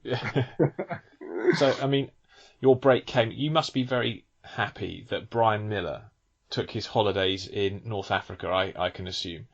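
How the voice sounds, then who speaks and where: A man's voice: on the low side, measured pace, gravelly, slightly rough. A man hosting an interview, asking questions in a jokey, teasing way. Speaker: podcast host. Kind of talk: casual interview chat. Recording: dull lo-fi audio.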